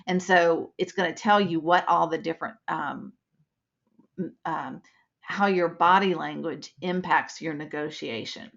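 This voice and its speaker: A woman's voice: low voice, measured pace, vocal fry, fairly bright tone, lo-fi sound. A woman instructor giving a live webinar lesson, explaining points with acted-out examples.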